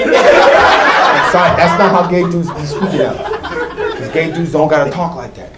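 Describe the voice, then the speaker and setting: On stage at a comedy club, a brash, profane man does stand-up and riffs with the audience. His voice leans high and animated, and he takes his time. The mic is distant, and the echoey room is full of loud crowd laughter and heavy noise.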